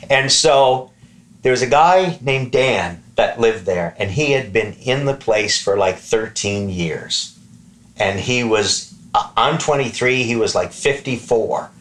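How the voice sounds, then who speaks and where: A man from Canada's East Coast spins a comic yarn among friends, his voice sitting at an ordinary middle pitch. He curses freely and jumps into the voices of the people in the story. The room gives his voice a noticeable echo. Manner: profane, animated, acts out quoted lines. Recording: roomy echo.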